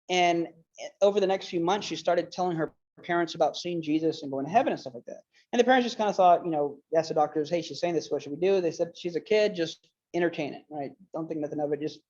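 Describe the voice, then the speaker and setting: A man talks through a casual lecture in an earnest, rambling way, leaning on fillers and restarts. His voice sits low and mellow in tone. The recording is dull and lo-fi. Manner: emotional retelling. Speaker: apologetics speaker.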